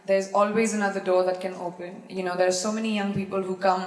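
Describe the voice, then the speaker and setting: A woman's voice: medium pitch, level tone, quick pace. A woman in her thirties with an Indian English accent, answering audience questions on stage in a playful, teasing way that often breaks into laughter. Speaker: celebrity guest on stage. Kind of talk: live stage Q&A, casual and joking. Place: large event hall. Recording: echoey hall with long reverb.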